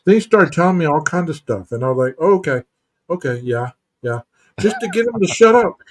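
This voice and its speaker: A man's voice: high-pitched, fast, a little hiss or hum. A man co-hosting a podcast, telling stories in casual chat and acting out what people said. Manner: animated storytelling, acts out quoted lines. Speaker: podcast co-host.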